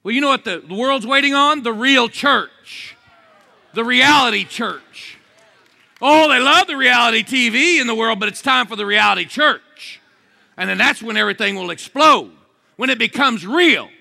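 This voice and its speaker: A man preaching an energetic sermon, joking with the crowd and swinging between low asides and shouted exclamations. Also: normal speed, creaky. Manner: jokey, asks the crowd for responses.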